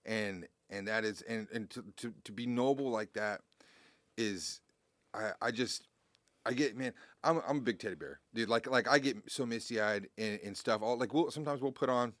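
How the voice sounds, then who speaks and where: A man's voice: fairly low pitch, normal speed, a bit bright, no room sound. A man talking as a guest musician in a casual interview, rambling and heartfelt, with many restarts and swearing.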